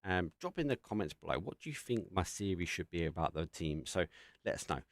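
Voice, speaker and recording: A man calls an online shooter match live on his stream, his voice a bit low and the sound dry and close. He gets loud and excited when the big plays land, then settles into easy chat with his viewers. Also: fairly quick, vocal fry, no echo. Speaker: esports caster and streamer. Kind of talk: live esports commentary.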